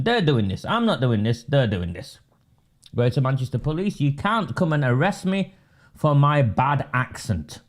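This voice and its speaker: Brief: animated, sarcastic male webinar host with a mid-range voice. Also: mid-range voice. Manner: sarcastic, mocking. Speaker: webinar host and political campaigner. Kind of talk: live webinar commentary.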